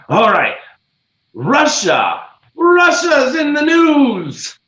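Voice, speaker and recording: A male host of a comedic news segment delivers his jokes dryly and slowly. His voice is high for a man and very animated. The recording sounds roomy and a little muffled. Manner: dry, deliberate punchline delivery.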